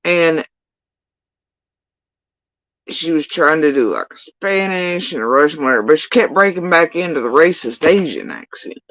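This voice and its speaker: A woman's voice: sits low, big pitch swings, normal speed, long pauses, a bit bright, no room sound, dull audio. A woman hosting a livestream, ranting in casual, sarcastic and profane reaction commentary. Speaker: livestream host.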